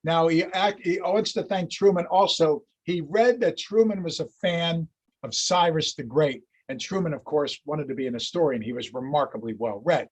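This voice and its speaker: A man lectures on history in a storytelling way and acts out the quotes. His voice is husky and a little higher than most men's. He talks to an audience. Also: moderate pace.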